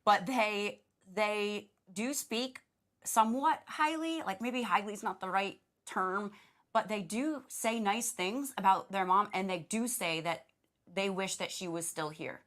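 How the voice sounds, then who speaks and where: A woman's voice: medium pitch, a little slow, fairly bright tone. A woman co-hosting a podcast, talking casually and retelling what she watched. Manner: chatty, retelling scenes in quoted voices. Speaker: podcast co-host. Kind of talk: casual chat.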